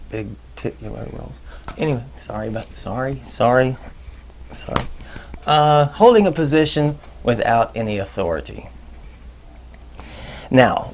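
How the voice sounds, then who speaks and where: A man with a gravelly, fry-edged voice gives casual workplace advice as the host of a leadership video. His pitch swings widely from loud, high bursts down to low muttered asides, and he keeps it chatty and joking throughout. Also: very animated, measured pace, pauses often.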